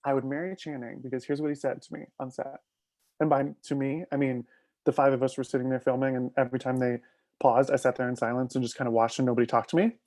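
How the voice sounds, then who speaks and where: A man's voice: medium pitch, little pitch movement, darkish tone. A man chatting on a casual live stream, telling gossipy stories and laughing often. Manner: gossipy, quick storytelling with bursts of laughter. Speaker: guest.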